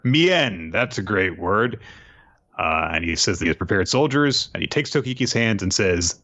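A man's voice: deep voice, lively intonation, unhurried, pushed and bright, dry recording, dull audio. A man co-hosting a podcast, casually recapping a story arc with wry asides. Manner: laid-back, wry asides. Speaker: podcast co-host.

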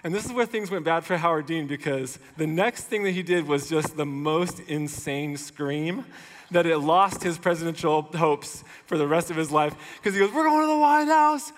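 A man's voice: fairly high pitch, moderate pace. A male pastor giving a sermon in a casual, conversational way. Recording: long hall reverb.

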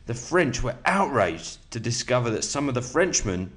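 Hosting his podcast in a laid-back, friendly way, a man with a mid-range voice and a slightly sore throat reads from a book, keeping his pace steady and measured.

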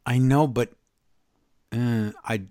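A man's voice: mid-range voice, steady tone, slow, warm tone, no echo, studio quality. A man co-hosting a wrestling podcast, ranting in an exasperated, sarcastic way in casual chat. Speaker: podcast co-host.

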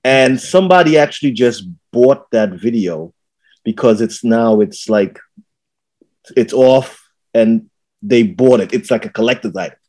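A man co-hosting a podcast, telling stories in a casual, animated and exasperated way. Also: mid-range voice, unhurried. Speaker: podcast co-host. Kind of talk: casual chat, storytelling.

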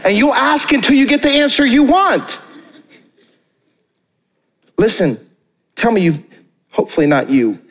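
A young adult male pastor preaching a sermon in a conversational, energetic way, with joking asides and quick acted-out quotes. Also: very high-pitched, long reverb tail. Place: church auditorium.

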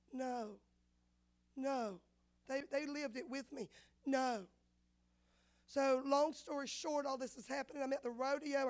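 Woman pastor in her fifties, high bright voice, lively sermon storyteller. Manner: animated storyteller, acts out dialogue. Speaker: women's pastor.

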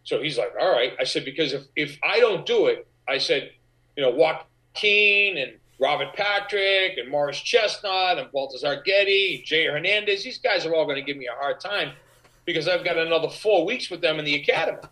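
A middle-aged man, an actor guest, telling animated anecdotes in an interview and acting out the voices of the people in them. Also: a little high, moderate pace, poor audio. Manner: animated, acts out quoted voices. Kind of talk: anecdotal storytelling.

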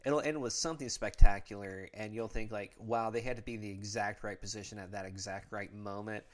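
A man's voice: on the low side, fairly even intonation, brisk. A man co-hosting a podcast, in casual chat, explaining things at length in an analytical way. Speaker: podcast co-host.

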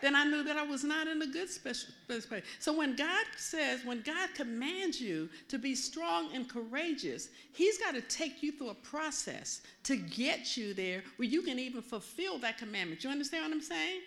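A high-pitched woman minister delivering a sermon. She preaches in a chatty, animated way and keeps checking in with her audience. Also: moderate pace, few pauses. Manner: animated, conversational, often asks the audience questions.

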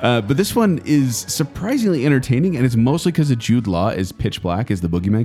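A man co-hosting a casual movie review chat, animated and chatty, often laughing. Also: mid-range voice, a little fast, hardly any pauses, soft background music. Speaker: co-host.

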